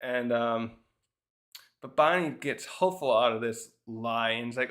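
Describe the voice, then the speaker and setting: A man's voice: medium pitch, measured pace, fairly bright tone. Guy chatting thru a manga chapter, loose and rambly, keeps restarting his sentences. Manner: thinks aloud with many restarts and fillers. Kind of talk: casual rambling commentary.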